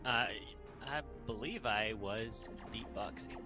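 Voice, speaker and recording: A man playing in a tabletop game, talking casually in an unhurried, slightly hesitant way. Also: fairly low pitch, music in the background. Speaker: player.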